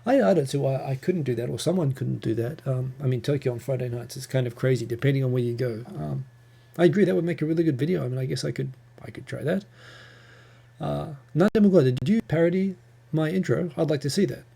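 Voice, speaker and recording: A New Zealand man hosts a casual live Q&A from home. His voice is dark and gravelly, and his mid-range pitch stays even. He rambles happily, filling gaps with ums and correcting himself in mid-sentence. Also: fast. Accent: New Zealand English. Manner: chatty, rambling, with frequent ums and self-corrections. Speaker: livestream host answering viewer questions.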